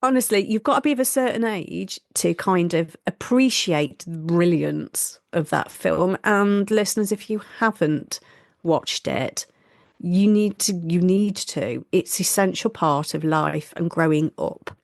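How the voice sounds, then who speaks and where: A woman, a nurse, co-hosting a podcast in a lively, chatty way. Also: lowish voice, unhurried, vocal fry, dry recording, studio quality. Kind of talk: casual chat.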